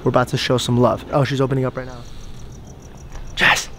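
A man's voice: medium pitch, completely flat delivery, rapid-fire. A young man hosting a casual vlog, joking and laughing often as he talks to the camera. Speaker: vlog host. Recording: clear background noise.

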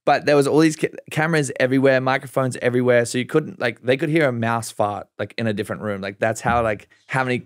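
A man's voice: mid-range voice, fast talker, few pauses, dry recording, studio quality. A young man, a podcast guest, telling stories in casual chat with lots of swearing and acted-out quotes. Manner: animated storytelling, swearing, acting out quotes.

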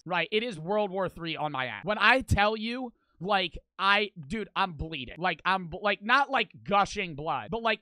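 A young man and streamer telling a story to camera in an animated, crude way, swearing constantly and repeating lines for effect. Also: high voice, no echo.

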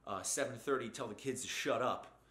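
A man's voice: mid-range voice, brisk, a bit bright, echoey room. A man hosting a profane motivational rant, blunt and mocking, swearing constantly as he lectures. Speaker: host.

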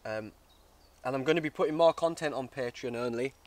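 With a medium pitch, a brisk delivery and a darkish tone, a man vlogs from the woods about bushcraft. He keeps things casual, chatty and heartfelt, regularly calling his viewer "mate."

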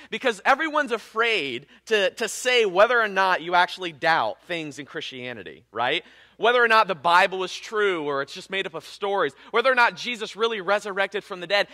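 A young man preaching a sermon as pastor, with expressive delivery that swings between loud emphasis and hushed low passages.

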